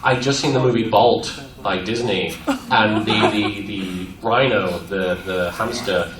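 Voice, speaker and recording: A man answering fan questions at a convention panel, animated and playful, laughing often. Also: fairly low pitch, measured pace. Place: convention room at a university. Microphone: audience camera from far off. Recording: echoey room, far off, crowd around.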